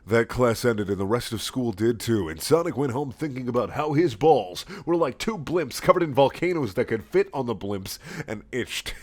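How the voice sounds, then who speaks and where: A man giving a sarcastic, mocking comic reading of a fan story, swearing and cracking up as he goes. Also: medium pitch. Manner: sarcastic, swearing, often laughing. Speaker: reader.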